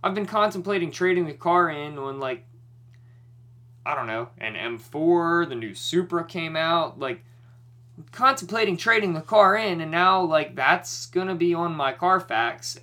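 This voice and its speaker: A man's voice: fairly high pitch, expressive, a little slow, pushed and bright. A young man co-hosting a podcast, retelling a story in casual chat with lots of swearing and worked-up energy.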